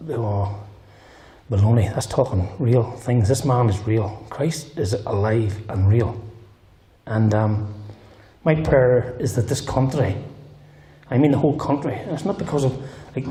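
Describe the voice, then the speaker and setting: A man's voice: medium pitch, normal speed, mellow. A middle-aged man with a Northern Irish accent giving his personal testimony in church, telling his story in an earnest, emphatic way and repeating his key phrases. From Northern Ireland. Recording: roomy hall with faint guitar.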